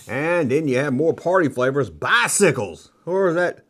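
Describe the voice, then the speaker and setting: A middle-aged man hosting a nostalgia toy video, rambling casually and joking, slipping into quick kid impressions. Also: on the high side, big pitch swings, fairly bright tone. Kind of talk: casual rambling show-and-tell commentary.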